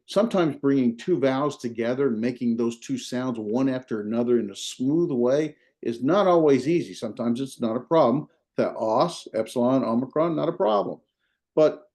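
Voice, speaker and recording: A man's voice: medium pitch, lively intonation, moderate pace, dark tone. A man with a Southern US accent teaching a beginner Greek class in a folksy, repetitive way with many fillers. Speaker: Greek instructor. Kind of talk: informal classroom lecture.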